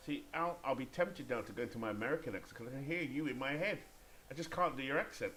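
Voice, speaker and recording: A British man calls a simulated baseball game in a medium-pitched voice, breaking off to chat warmly with viewers. A faint hiss sits under the recording. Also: fast, rough recording. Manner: enthusiastic, chatty asides to viewers. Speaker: sim baseball commentator. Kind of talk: play-by-play commentary of a simulated game.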